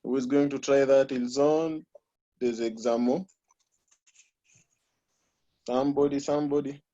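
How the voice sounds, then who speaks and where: A man's voice: medium pitch, fairly even intonation, unhurried, dark tone. A man teaching a French class online, patiently correcting students and repeating answers. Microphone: video call. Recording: muffled video call audio.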